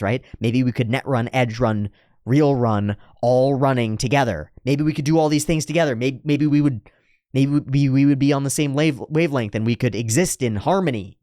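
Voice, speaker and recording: A man hosting an anime reaction show, giving casual, excitable, profane commentary on an episode. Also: medium pitch, no room sound, clean studio sound. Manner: excitable and profane, jumps between breakdown and hype.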